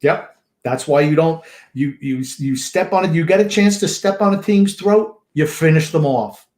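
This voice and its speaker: Gruff, sarcastic man in an echoey room. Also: a little high, moderate pace, darkish tone. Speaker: podcast co-host. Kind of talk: casual sports chat.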